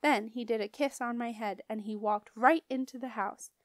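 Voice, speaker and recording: Femme lisant un livre pour enfants, voix aiguë. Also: female voice, a little high, moderate pace, dry recording, clean studio sound. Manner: lively first-person child narration. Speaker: storybook reader. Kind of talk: children's book read-aloud.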